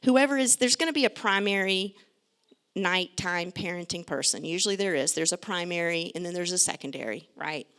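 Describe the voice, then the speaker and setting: A middle-aged woman, a pediatrician, giving a lively, joking and direct talk to parents. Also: mid-range voice, smooth. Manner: chatty, direct, joking asides.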